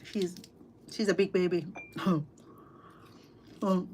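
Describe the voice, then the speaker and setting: Chatty Cambodian woman with halting speech. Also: fairly low pitch, steady tone, darkish tone, slight background noise. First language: Khmer. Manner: chatty, halting, with frequent fillers and restarts. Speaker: cooking vlogger and interpreter. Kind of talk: casual livestream chat while eating. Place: at home at a dinner table.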